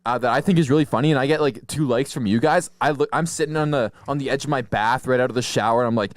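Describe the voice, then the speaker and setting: A man's voice: medium pitch, fast talker, dry recording. A young man co-hosting a podcast, rambling in casual chat, laughing often and acting out quotes. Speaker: podcast co-host.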